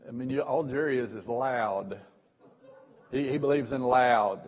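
Husky preacher telling folksy stories. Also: male voice, mid-range voice, normal speed, low-quality recording. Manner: folksy, self-mocking, repeats and restarts words; bursts into sudden loud stretches. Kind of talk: storytelling sermon.

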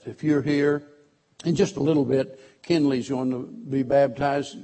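A man preaching a sermon as pastor, telling personal stories and swinging between loud emphasis and hushed, quiet passages. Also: mid-range voice, fairly even intonation, a little slow.

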